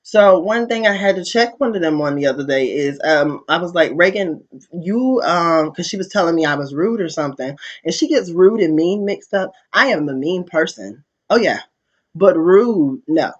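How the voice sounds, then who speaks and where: This vlogger speaks to his audience at a normal speed in a fairly high, expressive voice. He offers casual opinions with candor, swearing, and storytelling, all captured on a dull, lo-fi recording.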